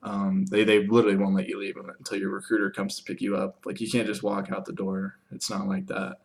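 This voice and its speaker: A man's voice: fairly low pitch, completely flat delivery, brisk. A young man in casual storytelling mode, rambling with many fillers and acting out the conversations he recounts. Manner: rambling, filler-heavy, acts out quoted exchanges. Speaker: vlogger.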